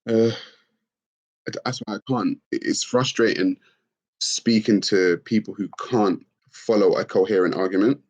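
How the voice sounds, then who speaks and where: A man hosting a live stream, talking expressively and mockingly, often leaping into shrill put-on voices. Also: fairly even intonation, measured pace, a little mellow, highs cut off. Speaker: livestream host. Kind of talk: animated live-stream rant.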